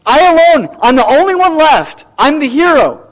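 Man playing a self-pitying older prophet, boastful and hurried, high-pitched rant. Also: big pitch swings, poor audio. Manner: rapid, boastful complaining. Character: proud weary male prophet, self-pitying.

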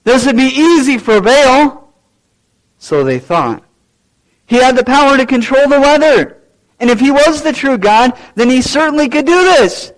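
Male preacher with a very high voice; sermon delivery that surges loud, then drops to near-murmured asides. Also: expressive, unhurried, low-quality recording. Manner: dramatic swings between loud, raised lines and low, quiet asides. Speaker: pastor.

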